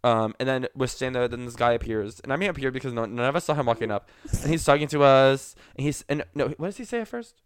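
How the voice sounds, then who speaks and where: A young man co-hosting a podcast, telling a story in a rambling, animated way with lots of likes and laughs. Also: mid-range voice, quick pace, clean tone, no echo. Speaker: podcast co-host. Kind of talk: casual storytelling chat.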